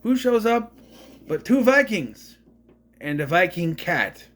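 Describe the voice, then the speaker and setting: Rambling, animated man from Minnesota. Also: high-pitched, slow. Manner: rambling, self-correcting, wry asides. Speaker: movie reviewer. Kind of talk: casual movie recap.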